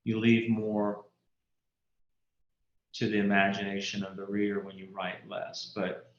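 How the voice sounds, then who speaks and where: Guy in his 50s telling writing stories, low-ish voice, roomy muffled recording. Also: monotone, measured pace. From Louisiana. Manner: folksy, anecdotal, quotes mentors. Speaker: author guest. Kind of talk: relaxed storytelling interview.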